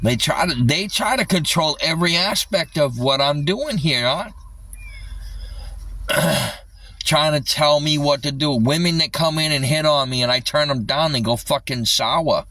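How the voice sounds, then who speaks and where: A man's voice: a little high, measured pace, sharp tone. A man livestreaming an agitated rant, swearing constantly, with his voice a little distant from the mic.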